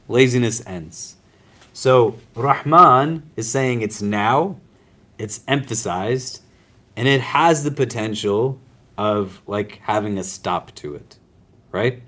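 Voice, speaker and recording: A man teaching a casual religious class as an imam, talking conversationally with self-deprecating humor and often asking "right?" and "does that make sense?". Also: medium pitch. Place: lecture room at a university Islamic center.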